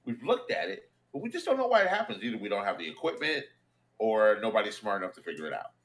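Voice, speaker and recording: A man's voice: lowish voice, big pitch swings, fast, a bit bright. A man co-hosting a casual live stream, asking questions hesitantly with many restarts. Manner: hesitant, full of fillers and restarts.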